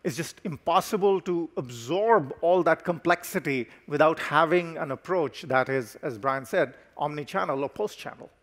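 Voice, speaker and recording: A middle-aged man giving a conference keynote as a company chief, explaining his points in a measured way and stressing key words with pauses. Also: on the high side. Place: conference stage.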